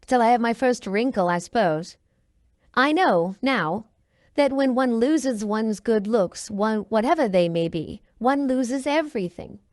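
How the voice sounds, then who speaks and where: A woman's voice: a little high, expressive, a little slow, darkish tone, no room sound, studio quality. A woman voicing a vain young man who dreads growing old, speaking in a pleading, anguished way. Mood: bitter.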